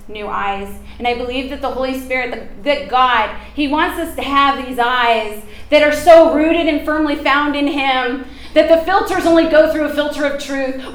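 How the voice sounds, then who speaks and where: Animated, laughing woman preacher. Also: sits high, reverberant. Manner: animated, emphatic, laughs often. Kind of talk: informal sermon.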